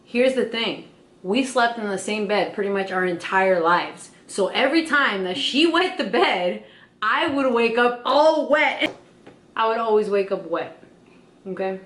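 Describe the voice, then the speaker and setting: A woman's voice: on the high side, animated, a little slow, fairly bright tone, reverberant. A young woman with a sick voice, telling stories in casual chat and filling her talk with "like" and "okay?". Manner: chatty storyteller, lots of "like" and "okay?". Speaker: vlog co-host.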